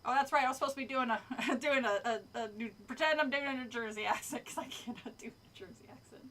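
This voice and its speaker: A woman's voice: sits high, quick pace, hardly any pauses, a bit bright. A woman streamer reading a book aloud and chatting casually with her viewers, laughing often and swearing freely. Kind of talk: casual read-along with chat.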